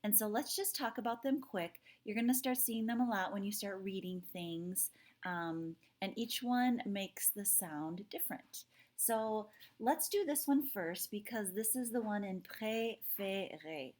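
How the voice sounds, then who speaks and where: A woman teaching a French lesson to her students. She talks to them directly, often checks in with "okay?", and draws sounds out slowly to model them. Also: mid-range voice, darkish tone. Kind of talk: recorded classroom lesson.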